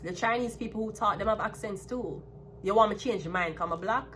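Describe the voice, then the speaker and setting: With a brisk, medium-pitched and somewhat bright voice, this Jamaican woman in her thirties delivers a tarot reading casually and emphatically. She talks animatedly and restates her points, and a little hiss or hum is audible.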